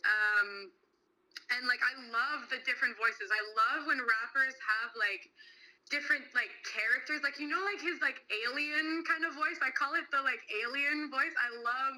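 A woman's voice: high-pitched, moderate pace, bright, forceful tone, poor audio. A young woman co-hosting a podcast, chatting casually and enthusiastically about albums, with lots of "like" fillers. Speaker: podcast co-host. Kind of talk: casual music chat.

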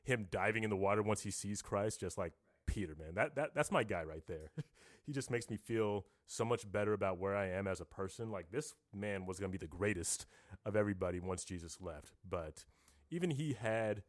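A man co-hosting a podcast in casual chat, animated and laughing easily as he reflects on scripture. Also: lowish voice, a little fast, dry recording, studio quality. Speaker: podcast co-host.

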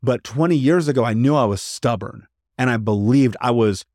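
A man's voice: medium pitch, normal speed, dry recording, studio quality. A man guest on a podcast, telling his own story frankly and with energy, often acting out what others said. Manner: animated, frank storytelling with quoted voices. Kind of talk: candid storytelling.

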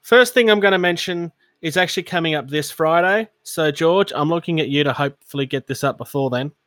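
Here a fairly high, brisk, somewhat bright male voice comes through with no echo. He's an Australian podcast co-host chatting casually about tabletop games, wandering off topic, ribbing himself, and laughing frequently.

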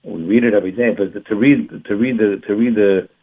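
Husky low-voiced man teaching a religious class. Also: a little fast. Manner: emphatic, repetitive. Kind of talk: Torah class lecture. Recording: tinny phone-like sound.

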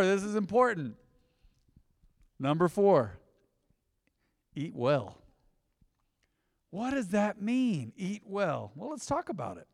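Filled with asides and rhetorical questions, this relaxed sermon comes from a pastor in his thirties addressing a church congregation. The recording carries the big-room sound of the sanctuary around his slightly high voice.

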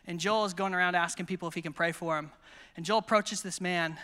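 A man's voice: sits high, quick pace, in a large hall. A man preaching at a conference, telling stories energetically and acting out quotes. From United States. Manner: energetic, storytelling with acted quotes. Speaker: pastor. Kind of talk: sermon storytelling. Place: conference hall.

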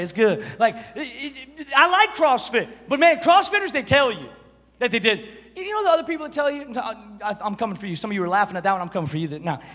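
A pastor in his thirties preaching a sermon, animated and joking, swinging from shouts to hushed storytelling. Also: extremely high pitch, in a large hall.

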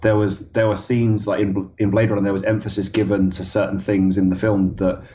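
A man talking as a guest on a podcast, thoughtful and halting, with many restarts and fillers. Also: fairly low pitch, flat delivery, dark tone, dull audio. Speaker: guest film designer. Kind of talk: casual podcast conversation.

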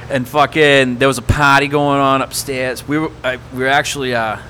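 A man's voice: medium pitch, a little fast. A man, swapping rowdy stories in casual chat and swearing heavily. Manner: animated, heavy swearing. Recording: faint background noise.

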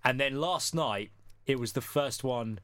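A man's voice: mid-range voice, a little slow, a bit bright, no room sound. A man from the UK co-hosting a casual podcast, rambling with lots of fillers. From United Kingdom. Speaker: podcast co-host.

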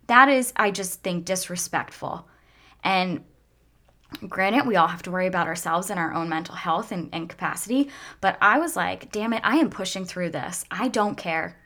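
A woman's voice: fairly low pitch, moderate pace. Heartfelt woman telling a personal story. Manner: heartfelt, animated, dips into soft whispers when emotional. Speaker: speaker sharing a faith testimony.

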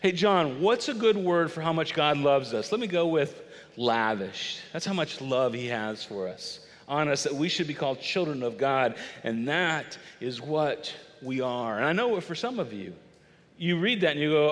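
A middle-aged man preaching a sermon in a lively, conversational way, acting out little bits of dialogue. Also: fairly high pitch, normal speed. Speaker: pastor. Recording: long reverb of a large hall.

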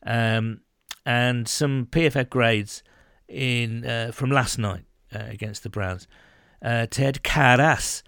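A man's voice: medium pitch, steady tone, takes it slowly, fairly bright tone, smooth, dry recording, studio quality. A man co-hosting a casual sports podcast, rambling with lots of fillers and restarts. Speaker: podcast co-host.

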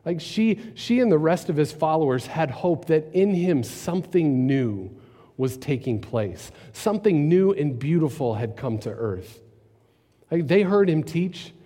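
A man preaching a sermon, telling the story with dramatic drops to quiet, almost whispered lines. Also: fairly high pitch, animated, unhurried. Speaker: pastor. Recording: long reverb in a large hall.

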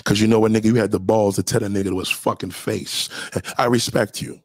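Husky man in heated, mocking commentary. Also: fairly low pitch, fairly even intonation, fast, dry recording. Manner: heated, mocking, swings into sudden shouts. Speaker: commentator reacting to a clip. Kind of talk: profane reaction commentary.

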